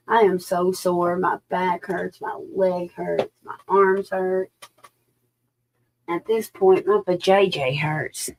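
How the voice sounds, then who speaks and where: Casual woman, psychic reader on a live stream, low-pitched and unhurried, slipping into whispers. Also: slight background noise. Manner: folksy, chatty, drops into whispers. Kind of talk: live-stream tarot reading chat.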